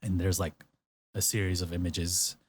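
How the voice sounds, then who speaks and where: Male podcast host, slightly low voice, casual storyteller who acts out quotes. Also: little pitch movement, moderate pace, husky. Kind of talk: casual chat recapping a variety show.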